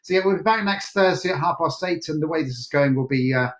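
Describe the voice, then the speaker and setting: A man's voice: fairly high pitch, fast talker. A man from Portsmouth, England, hosting a casual livestream Q&A with jokey, rambling chat. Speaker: host. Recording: echoey room.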